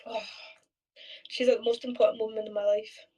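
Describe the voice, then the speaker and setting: A woman's voice: fairly high pitch, flat delivery, fairly quick, dark tone, far from the mic, lo-fi sound. A young woman in casual chat on a video call, telling stories freely with swearing and acted-out quotes. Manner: chatty storyteller, swears freely, acts out quoted voices.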